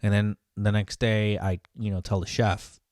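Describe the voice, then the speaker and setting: A man's voice: on the low side, normal speed, no echo. Brief: line cook, male, casual profane storyteller, dry recording. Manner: profane, venting, animated.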